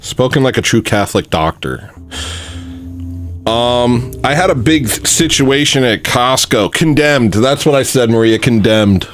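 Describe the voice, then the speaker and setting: A man's voice: medium pitch, animated, a little slow, soft background music. A man hosting a livestream, casually rambling through jokes and putting himself down. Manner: rambling, self-deprecating, drops into mumbles. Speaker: livestream host. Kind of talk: casual chat, trying out jokes.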